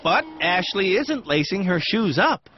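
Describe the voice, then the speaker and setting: A man's voice: high voice, sing-song, measured pace, a little hiss or hum. A man hosting and narrating a TV show in a wry, dryly humorous scripted voice. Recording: dull lo-fi TV audio with music.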